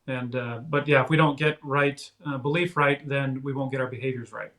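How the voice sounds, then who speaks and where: A man speaking as an interview guest in casual chat, halting, with frequent fillers and restarts. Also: mid-range voice, fairly even intonation, a bit bright. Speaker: guest author.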